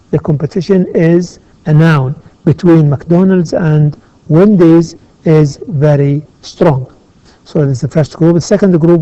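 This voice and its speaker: A male English teacher works through a grammar exercise at a very slow, deliberate pace, pausing often and glossing words in Arabic. His voice is mellow and a bit high. The recording is dull and lo-fi, with a dry, close sound. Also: no echo. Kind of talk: classroom grammar lesson.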